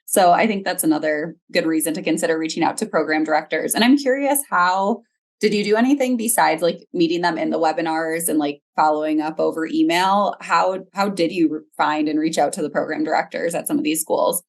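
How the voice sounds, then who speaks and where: A woman's voice: deep voice, fairly even intonation, fairly quick, gravelly. A woman, a genetic counselor, hosting an interview and asking thoughtful, encouraging questions.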